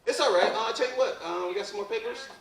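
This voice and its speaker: Lively stand-up comedian man, roomy stage. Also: sits high, very fast, background noise. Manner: loose, joking, asks the crowd questions. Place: live comedy club stage. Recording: roomy live venue from far off.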